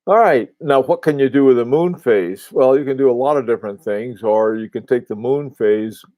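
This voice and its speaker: A man of ordinary middle pitch hosts a casual livestream, chatting to viewers. He rambles, stops and restarts often, and fills gaps with "uh" and "you know." The sound is close and dry, with no room around it. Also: dark tone, dry recording. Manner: rambling, halting, many restarts and fillers. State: has the hiccups. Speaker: host of a live watch talk.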